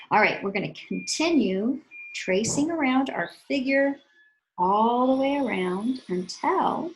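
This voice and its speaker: A woman's voice: a little high, a little hiss or hum, rough recording. A woman art teacher giving a patient, step-by-step drawing lesson for children, counting her strokes aloud as she works.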